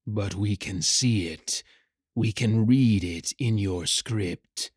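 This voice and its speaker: A man voicing a faceless male shadow rider who speaks in a slow, low and commanding way. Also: breathy edge, no room sound, clean studio sound. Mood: menacing.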